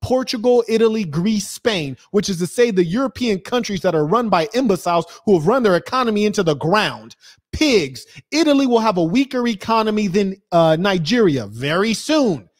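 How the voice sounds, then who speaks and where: A man's voice: sits high, lively intonation, normal speed, dry recording, studio quality. Profane, mocking man. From United States. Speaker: podcast host. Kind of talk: ranting commentary.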